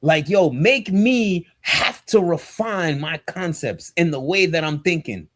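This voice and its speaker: A man's voice: on the high side, expressive, a little slow, fairly bright tone. A man, a pastor and podcast co-host, talking in a casual but preachy, emphatic and slangy way. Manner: emphatic and fired up, slangy and direct.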